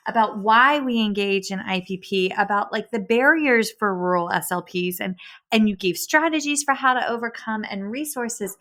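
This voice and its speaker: Bright, giggly woman podcast host. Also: medium pitch, moderate pace. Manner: giggly and effusive. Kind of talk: casual interview chat. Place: kitchen table at home.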